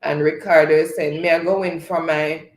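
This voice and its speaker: A man hosting a live stream, reading viewers' chat comments aloud in a relaxed way and often laughing. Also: on the high side, normal speed. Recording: echoey room.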